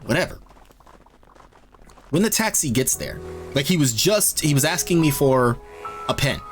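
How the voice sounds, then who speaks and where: A man streaming a game while telling casual stories in an animated, exasperated way. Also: on the high side, normal speed, faint music behind. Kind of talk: casual storytelling while gaming.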